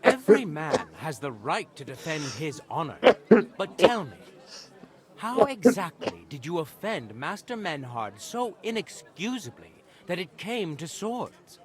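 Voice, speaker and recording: An actor voicing a stern middle-aged town judge in a video game, formal and commanding. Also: male voice, fairly high pitch, big pitch swings, unhurried, a crowd in the background.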